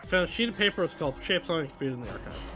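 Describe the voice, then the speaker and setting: A man's voice: on the high side, animated, racing, music in the background. A man streaming a video game live, thinking aloud and reading out game text as he plays. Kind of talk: live game playthrough commentary.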